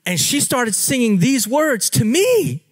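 High, lively-voiced man preaching. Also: a little slow. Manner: animated, playful, laughing at himself. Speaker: pastor. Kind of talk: storytelling sermon.

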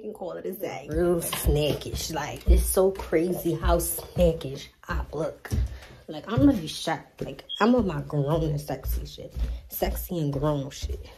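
A young woman vlogging in casual, slangy chat, talking into her phone, nervous and excited. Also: low voice, a little hiss or hum. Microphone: phone held by hand. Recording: music playing behind.

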